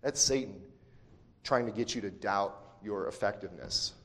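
A male pastor preaching a sermon, talking in a conversational way with asides and restarts, then swinging from quiet to loud emphasis. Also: lowish voice, normal speed. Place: church sanctuary. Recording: long church hall reverb.

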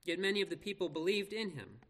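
Man pastor reading scripture then preaching, slow earnest pauses, kinda high voice, long hall echo. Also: very animated, fairly bright tone. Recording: long reverb of a large hall.

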